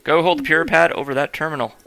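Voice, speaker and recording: Figure: perky young woman scientist in a video game, put on by a man. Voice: raised, gravelly, bright. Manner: chirpy, bossy instructions. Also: fairly high pitch, fairly even intonation, rapid-fire, pitched above the performer's own voice. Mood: instructive.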